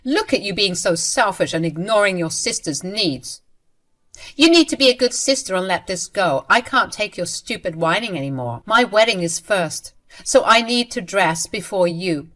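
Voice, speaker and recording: A woman's voice: mid-range voice, expressive, moderate pace, a bit bright, lightly acted. A woman voicing a spoiled, boastful pregnant young woman who taunts her sister. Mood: taunting. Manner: taunting, bratty.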